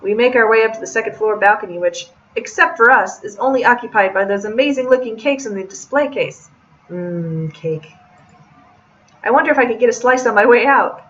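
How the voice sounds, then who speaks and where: A woman's voice: fairly high pitch, brisk, a bit bright, highs cut off. A young woman reading a visual novel aloud and adding chatty, joking asides as a let's-play host.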